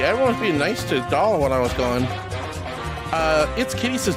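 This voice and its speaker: A man streaming as a VTuber from home on a headset mic, reading chat aloud and answering with affectionate, playful warmth. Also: high voice, big pitch swings, moderate pace, over music. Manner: affectionate and playful, calls viewers sweetheart.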